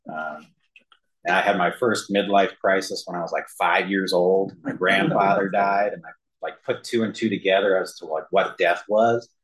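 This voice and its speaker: A man giving a personal testimony to a room and a video call, halting, with many fillers and self-deprecating humor. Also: sits low, steady tone, rough recording. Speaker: speaker sharing his recovery story. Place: room with an audience, also streamed to a video call.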